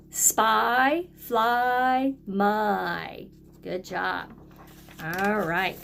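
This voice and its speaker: A woman teacher leading a phonics lesson for young children, speaking slowly and encouragingly and stretching out letter sounds. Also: a little high, expressive, gravelly, soft background music.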